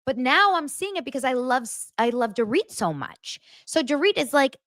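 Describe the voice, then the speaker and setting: Speaking at a moderate pace in a high voice, this podcast host dishes on reality TV in a casual gossip format. She's blunt and animated, curses freely, and mimics voices when quoting people. The audio is studio quality, with no room sound.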